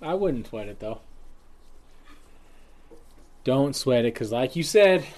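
A man's voice: mid-range voice, expressive, slow pace, a little mellow. A man in casual chat, laid-back and encouraging, who mostly gives short replies and swears now and then.

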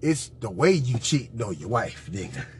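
A man hosting a podcast, reacting to played audio with loud, profane, mocking commentary that swings from squeals to low growls. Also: very animated, normal speed, slight background noise.

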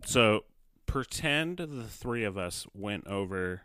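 A man with a bright, crisp, somewhat low voice co-hosting a podcast in a dry, close sound. He is blunt and swears freely, laughing often as he talks. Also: expressive, slow, no echo. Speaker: podcast co-host. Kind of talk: casual chat.

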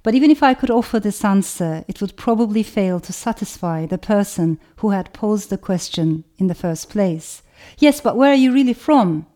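A woman from Turkey with a Turkish accent, an author giving a thoughtful, measured talk that includes a reading of her own writing. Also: medium pitch, mellow. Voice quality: thoughtful, measured, builds long lists.

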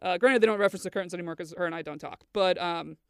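Woman podcast host, quick animated storyteller with lots of cursing, dry close sound. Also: fairly low pitch, clean tone, no room sound. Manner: animated, swears freely. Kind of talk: casual chat, storytelling.

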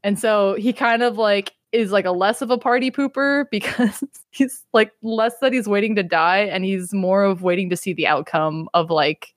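A woman hosting a casual podcast chat, animated and swearing freely, acting out quotes as she talks. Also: mid-range voice, normal speed, dry recording, studio quality. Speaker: podcast host.

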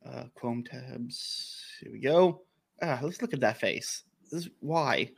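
An American man hosting a casual reaction chat, joking and emphatic, quick to mock himself. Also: mid-range voice, animated, creaky, a little hiss or hum. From United States. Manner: joking, emphatic, self-mocking. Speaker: host.

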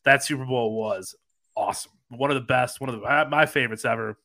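A man's voice: medium pitch, a little fast, creaky, sharp tone. A man co-hosting a podcast in casual chat, talking enthusiastically about favorite moments. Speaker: podcast co-host.

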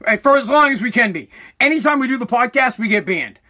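Fired-up forty-year-old man ranting loudly. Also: very high voice, expressive, quick pace. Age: 40s. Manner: aggravated, swearing, bursts into yelling. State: throat irritated by dust, coughing. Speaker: podcast host. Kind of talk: angry profane rant. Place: home basement studio.

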